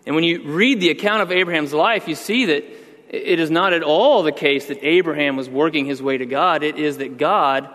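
A man's voice: fairly high pitch, moderate pace, fairly bright tone, long reverb tail. A man preaching a sermon with earnest emphasis, teaching through rhetorical questions. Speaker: pastor.

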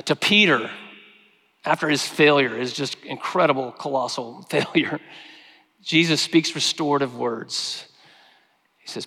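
Male pastor, somewhat high voice, earnest sermon delivery that hushes on scripture, church-hall echo. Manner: earnest preaching, slowing and softening on quoted scripture. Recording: long hall reverb.

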